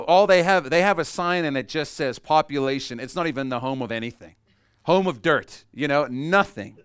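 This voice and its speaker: A man's voice: fairly high pitch, smooth, no echo, clean studio sound. A man preaching a sermon in an easygoing, conversational way, acting out quoted lines as he reads and explains verses. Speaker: pastor.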